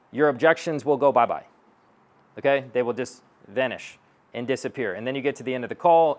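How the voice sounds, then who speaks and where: Blunt, profane male stage speaker. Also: medium pitch. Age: 30s. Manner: blunt, profane, punchy delivery; acts out sales-call dialogue in quick asides. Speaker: sales coach speaking to an audience. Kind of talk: live stage talk. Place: stage at a live event.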